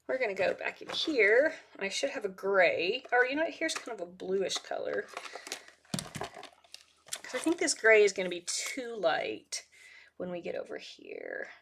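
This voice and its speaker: A woman with a bright, clear voice hosts a live crafting session from her desk. She rambles casually and talks to herself as she works, with frequent laughs. Her tone stays loose and conversational. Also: medium pitch, huge pitch swings, measured pace. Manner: rambling, self-talk while working, laughs often. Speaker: craft live-stream host. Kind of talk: chatty live crafting demo.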